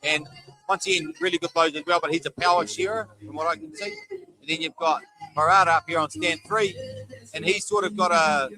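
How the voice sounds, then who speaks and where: A man's voice: sits high, very animated, fairly quick, a crowd in the background, low-quality recording. A middle-aged man giving live, chatty sports commentary, tired after a long day and calling out running tallies. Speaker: shearing commentator. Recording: clear music behind the voice.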